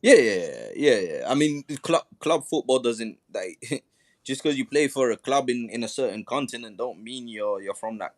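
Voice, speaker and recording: A man's voice: mid-range voice, animated, normal speed, no echo, low-quality recording. A man hosting a casual live-stream discussion, chatty and moderating turns, often restarting his sentences. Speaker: host.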